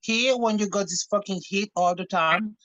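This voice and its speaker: High, lively male guest voice, dry sound. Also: moderate pace, no echo, muffled recording. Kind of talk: casual chat.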